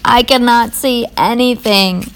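A woman voicing a grumpy, sleepy male toad who grumbles slowly in a children's story. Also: fairly bright tone. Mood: tired. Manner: low slow grumbling.

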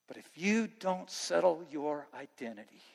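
A man preaching a sermon to students as their pastor, impassioned, swinging between loud preaching and quiet earnest talk. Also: fairly high pitch, lively intonation, measured pace, creaky, long reverb tail. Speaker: youth pastor.

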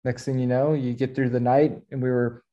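A man, a podcast guest, recounting his experiences in an easygoing, unhurried way. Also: mid-range voice, little pitch movement, dark tone, muffled recording. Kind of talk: casual interview chat.

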